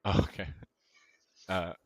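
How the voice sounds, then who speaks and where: A man narrating as game master over voice chat, hesitant, with many fillers and restarts. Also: slow. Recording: dull, slightly lo-fi voice chat audio.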